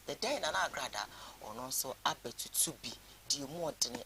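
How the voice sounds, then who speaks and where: A man's voice: on the high side, sing-song, brisk, gravelly, bright, forceful tone, slightly rough, low-quality recording. A man with a Ghanaian accent, hosting a TV morning show and mixing languages as he addresses viewers. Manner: mixes languages, asks viewers to subscribe. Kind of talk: TV show presenting.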